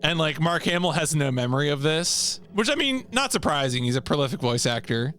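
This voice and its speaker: A man streaming a video game, chatting casually with viewers in an animated way and laughing often. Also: on the high side, a little fast, faint music behind.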